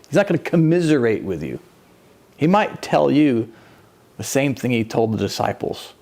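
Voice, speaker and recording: A man giving a conversational, animated sermon as a church minister, with self-mocking humor. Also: medium pitch, a little fast, creaky.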